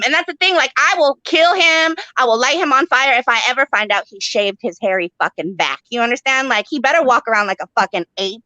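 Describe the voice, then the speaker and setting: A woman's voice: on the high side, pushed and bright, no room sound, dull audio. A young woman doing a stand-up set, profane, rambling and brash. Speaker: stand-up comic.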